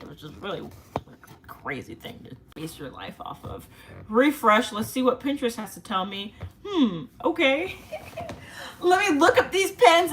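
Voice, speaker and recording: A woman's voice: medium pitch, a bit bright, slight background noise. A young woman vlogger in casual chat, chatty and self-mocking, laughing often.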